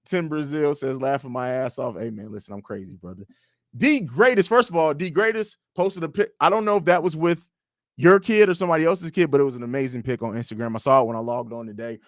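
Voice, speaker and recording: A young man hosting a casual livestream, reading viewer comments aloud and answering them in a blunt, profane, animated way. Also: mid-range voice, fast, no room sound, clean studio sound. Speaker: livestream host.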